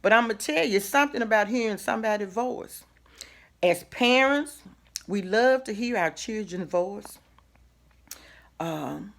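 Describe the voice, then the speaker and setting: A woman's voice: a little high, vocal fry, fairly bright tone. Folksy woman giving a pep talk. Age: middle-aged. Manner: folksy, preacherly, with asides and rhetorical questions. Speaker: host. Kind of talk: casual motivational talk to camera.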